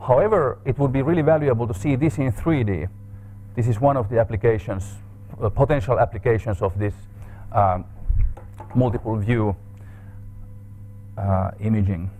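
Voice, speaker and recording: A man's voice: medium pitch, moderate pace, mellow, faint music behind. A man giving an academic seminar talk in a seminar room, explaining with frequent fillers and restarts. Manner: hesitant, thinking aloud with fillers. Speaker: seminar speaker. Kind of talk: academic lecture.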